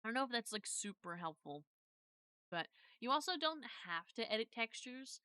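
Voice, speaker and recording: Bright, crisp-voiced woman streamer. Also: a little high, very animated, normal speed, no room sound. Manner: rambling, self-correcting, thanks viewers. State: has hiccups. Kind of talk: casual live-stream chat, explaining.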